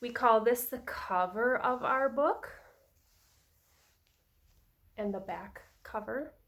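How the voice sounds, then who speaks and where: A woman who is a preschool teacher, reading a picture book aloud to young children in a slow, sing-song storytelling voice. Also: a little high, a bit bright.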